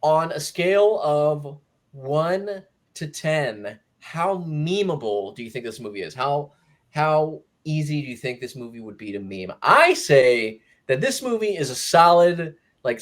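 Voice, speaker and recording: A man hosting a casual movie review chat, animated and jokey, slipping into mock voices. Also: a little high, unhurried. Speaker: movie review podcast host.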